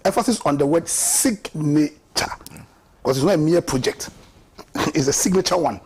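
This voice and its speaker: A man's voice: on the high side, fast talker, a little mellow, slightly rough. A man with a Ghanaian accent giving impassioned, mocking political commentary on a talk show, often repeating words for emphasis. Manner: impassioned, mocking, repeats words and laughs at his own jabs.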